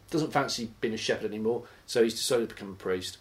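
A man leading a Bible study, teaching in a conversational, animated way. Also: medium pitch, fast talker, hardly any pauses. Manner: conversational, animated, acts out imagined voices. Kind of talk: informal teaching sermon.

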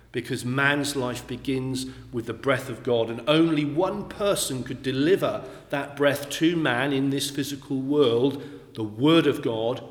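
A man preaching a sermon, talking slowly and deliberately and repeating key phrases for emphasis. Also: mid-range voice. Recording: echoey hall with long reverb.

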